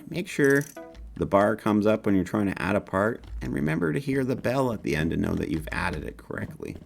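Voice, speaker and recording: A low, gravelly man with a slight northern Canadian accent walks through his own video game in a relaxed, upbeat way. His pitch swings widely as he points things out, and faint keyboard clicks sit behind him. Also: a little fast, soft background music. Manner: casual, upbeat, folksy asides like "baby". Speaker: game developer showing his game. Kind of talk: gameplay walkthrough commentary.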